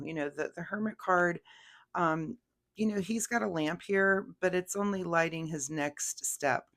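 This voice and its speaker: A tarot reader giving a casual weekly reading, rambling and chatty, with many fillers. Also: medium pitch.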